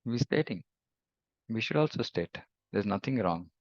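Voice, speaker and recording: A man's voice: fairly low pitch, animated, normal speed, darkish tone, dry recording. A man giving a scripture lecture as a spiritual teacher, emphatic and repeating points for stress. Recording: dull lo-fi recording.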